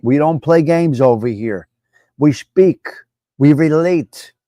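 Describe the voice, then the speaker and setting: A man's voice: a little high, slow, warm tone, no echo. A man from New Jersey with a New Jersey accent, hosting a live stream and talking bluntly, repeating himself for emphasis. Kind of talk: casual opinionated live stream talk.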